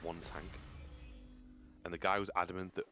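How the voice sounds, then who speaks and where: A man's voice: low-pitched, little pitch movement, normal speed, bright, forceful tone, faint music behind. A man chatting casually while gaming, telling a rambling story full of restarts. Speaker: gamer.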